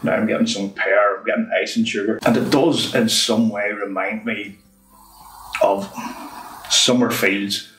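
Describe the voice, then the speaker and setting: Man, lowish voice, chatty whisky review, echoey room, mic at a distance. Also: steady tone, fairly bright tone. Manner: chatty, unhurried, says "wee" often. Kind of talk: casual review monologue. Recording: roomy, from off the mic, faint music.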